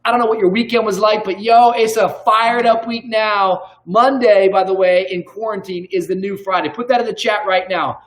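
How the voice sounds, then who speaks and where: A man co-hosting a live show at home, energetic and playful in his banter. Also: high-pitched, fairly quick, hardly any pauses, echoey room. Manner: energetic, playful, sings songs. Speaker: co-host. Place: indoors at home.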